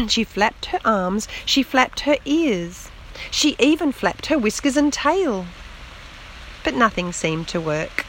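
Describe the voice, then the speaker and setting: A woman reads a children's picture book aloud, taking her time and lingering on each phrase. Her voice sits a little higher than average. Faint rain patters on the roof behind her. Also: a little hiss or hum, poor audio. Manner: slow, gentle, expressive read-aloud. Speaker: storyteller. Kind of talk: children's story reading.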